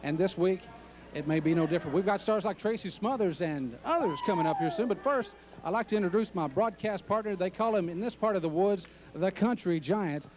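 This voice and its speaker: A man calling a wrestling match play-by-play, excited and joking. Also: sits high, a little fast, crowd noise. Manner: excited, joking, shouts at big entrances. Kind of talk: play-by-play commentary.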